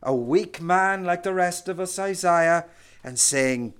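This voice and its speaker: A male preacher delivering a sermon at a slow, deliberate pace. His voice sits somewhat high for a man, and he swings between hushed, almost whispered phrases and loud, emphatic declarations. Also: clean tone.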